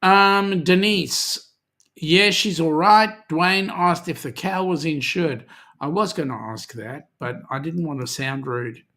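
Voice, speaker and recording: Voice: mid-range voice, takes it slowly, fairly bright tone. An Australian host chatting casually on a live cruising stream, reading viewer comments aloud with plenty of ums and friendly banter.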